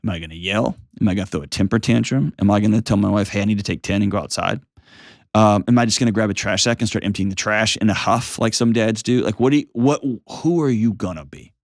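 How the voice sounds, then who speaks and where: A man in his forties hosting a call-in advice show, calm, reassuring and emphatic as he coaches a caller. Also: fairly low pitch, fast, dry recording, studio quality. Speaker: host.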